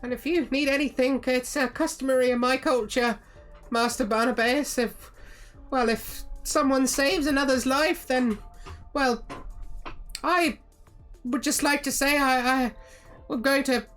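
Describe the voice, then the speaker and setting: A jittery little mechanical creature with a squeaky high voice stammers his thanks with deep deference, as a woman acts him out. He sounds earnest and eager to please, tripping over his own words in a fantasy tabletop game. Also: steady tone, a little slow, pauses often, a bit bright, faint music behind. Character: nervous polite little clockwork creature, male.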